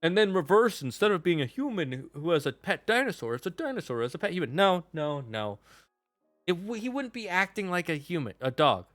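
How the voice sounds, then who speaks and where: A young man does casual tier-list commentary on his stream in a high, bright, forceful voice, very animated. He is opinionated and swears when he rants about things that bug him. The sound is dry and close with no room sound, and faint music plays underneath.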